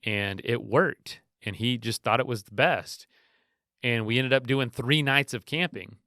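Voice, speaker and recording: A man in his thirties hosting a podcast, telling stories in a relaxed, rambling way with frequent restarts. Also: mid-range voice, measured pace, no echo, studio quality. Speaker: podcast host. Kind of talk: casual storytelling monologue.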